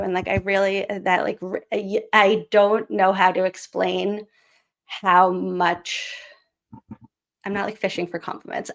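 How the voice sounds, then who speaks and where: A woman hosting a casual live stream, a former teacher, chatty and rambling with lots of fillers and giggles. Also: mid-range voice. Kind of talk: casual live-stream chat and read-aloud.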